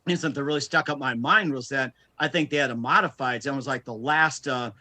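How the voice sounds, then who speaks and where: A man's voice: medium pitch, fast, sharp tone. A man, a radio talk show guest, telling stories in casual chat and laughing often.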